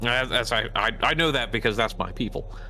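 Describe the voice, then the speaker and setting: A man's voice: mid-range voice, a little fast, bright, forceful tone, a little hiss or hum. A man with a Midwestern American accent, chatting as a guest on a casual podcast in a rambling, hesitant way. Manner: rambling, hesitant, with many restarts. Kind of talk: casual chat.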